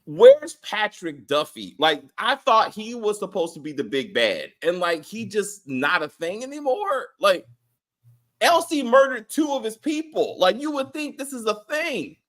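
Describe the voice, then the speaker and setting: A man co-hosting a casual TV episode review, profane and animated, acting out characters as he complains. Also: high-pitched, measured pace. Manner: animated, profane, mimics characters mid-rant. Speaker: show co-host reviewing a TV episode.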